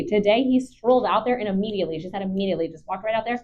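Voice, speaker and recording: A woman's voice: mid-range voice, very fast, a little mellow, highs cut off, slight background noise. A young woman, a dog trainer, chatting casually and bubbly with many fillers into a clip-on mic. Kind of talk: casual vlog chat.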